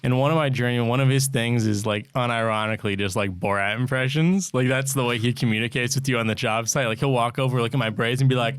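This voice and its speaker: A man's voice: medium pitch, fairly even intonation, fast talker, hardly any pauses, smooth, dry recording. A young man co-hosting a podcast, chatting casually and laughing as he jokes with his friend. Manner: laughing, joking, slips into Borat impressions. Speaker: podcast co-host. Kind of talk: casual chat.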